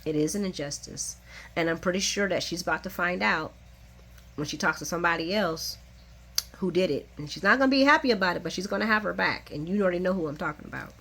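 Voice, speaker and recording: A woman's voice: fast, fairly bright tone. Chatty woman recapping soap episodes. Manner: chatty, laughs often, big swings from low asides to high exclamations. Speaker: soap opera recap vlogger. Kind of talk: casual chat recap.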